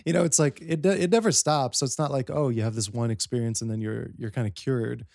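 A man talks quickly in a relaxed podcast conversation, his voice carrying a gravelly rasp. He rambles and retells stories with animated quoted dialogue. The sound is dry and close, with no room echo. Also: medium pitch. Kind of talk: casual conversation.

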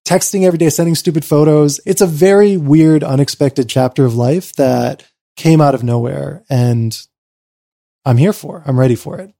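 A man telling a personal story in an interview, swinging between excited rushes and quiet reflective lows, with lots of "like" fillers. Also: creaky. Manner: frequent "like" fillers. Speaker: interview guest.

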